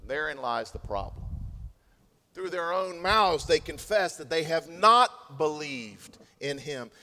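A man preaching a sermon as a pastor, swinging between loud stressed lines and hushed asides. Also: high voice. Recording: long hall reverb.

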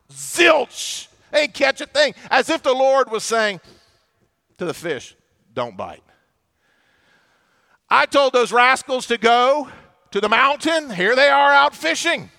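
A man preaching a sermon to a church audience, telling the story with lively, animated delivery and acting out the voices of the people in it. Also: very high voice, gravelly. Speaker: pastor.

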